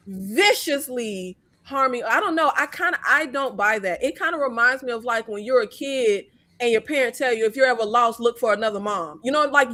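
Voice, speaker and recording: A woman hosting a casual movie review chat, blunt and profane, talking in an animated way. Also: on the high side. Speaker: host.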